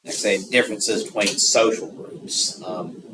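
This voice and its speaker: A man with a Southern American accent giving an unscripted geography lecture, rambling with many filler pauses. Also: fairly low pitch, steady tone. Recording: distant mic with noticeable background noise.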